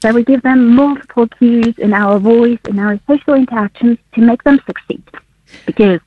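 Husky woman on a phone line. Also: fairly high pitch, normal speed, dry recording. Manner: laughs often while explaining. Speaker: guest researcher. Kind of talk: explaining research on radio. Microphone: phone call.

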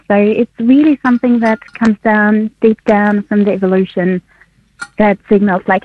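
A woman's voice: mid-range voice, level tone, moderate pace, a little hiss or hum. A woman researcher interviewed on the radio over the phone, who explains things simply and laughs often. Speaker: guest researcher. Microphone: phone line. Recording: tinny phone line on radio.

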